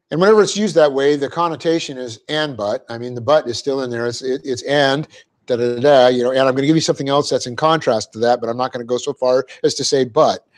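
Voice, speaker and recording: A middle-aged man giving a classroom lecture on Greek grammar as a Bible teacher, explaining patiently, often checking in with his class and laughing at his own slips. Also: mid-range voice. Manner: light-hearted, quick to laugh at himself. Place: church classroom.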